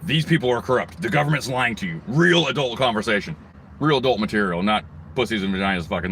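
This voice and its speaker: A man's voice: lowish voice, animated, fast, a bit bright, a little hiss or hum. A man ranting angrily in a crude, rambling monologue, swearing constantly. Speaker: vlogger.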